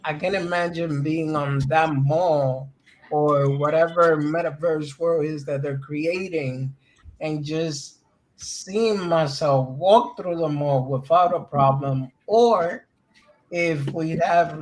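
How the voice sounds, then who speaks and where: Slow, laid-back man on a stream call. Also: a little high. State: voice changes easily, sometimes strained. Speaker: crypto stream host. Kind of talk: casual group chat on a live stream.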